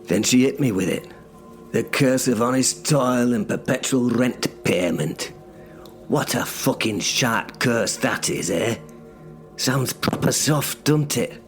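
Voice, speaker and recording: A man's voice: medium pitch, slow, soft background music. A man narrating in first person as a bitter cursed sorcerer stuck in menial work, sardonic and sweary in an audio drama. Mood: sardonic grumbling.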